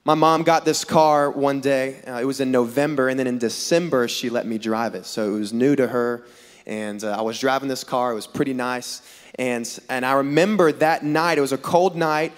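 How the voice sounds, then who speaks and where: A smooth, mid-range male voice at normal speed belongs to a preacher on stage in a large hall, telling a funny story to a live audience. He acts out the dialogue in voices, stays animated and jokes with the crowd, and long hall reverb fills the recording.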